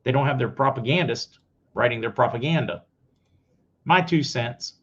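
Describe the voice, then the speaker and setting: A man's voice: mid-range voice, normal speed, breathy edge. A man hosting his own news commentary show, giving blunt opinions straight to his viewers. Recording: slightly dull lo-fi audio.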